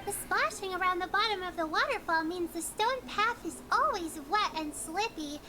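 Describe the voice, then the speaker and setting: A polite, caring little girl, speaking in a very high, lilting voice with formal, well-mannered phrasing. Her voice is heard through game audio with a noticeable hiss behind it. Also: lively intonation, moderate pace, bright, forceful tone, exaggerated voice. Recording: game audio with background noise.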